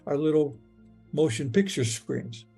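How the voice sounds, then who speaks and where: A man retelling a personal experience in the first person and the present tense, halting and stammering as he repeats his words. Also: fairly high pitch, animated, creaky, warm tone, slightly rough, soft background music. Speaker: near-death experience witness.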